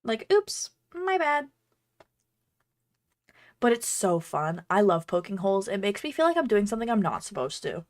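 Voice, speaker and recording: A woman's voice: medium pitch, sing-song, quick pace, hardly any pauses. A woman cosplayer chatting casually while she crafts, bubbly, rambling and self-deprecating. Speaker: cosplayer and streamer.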